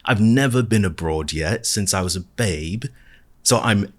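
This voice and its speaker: A man's voice: low voice, lively intonation, normal speed. A man hosting a reflective podcast monologue, speaking in an earnest, encouraging way. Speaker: podcast host and artist.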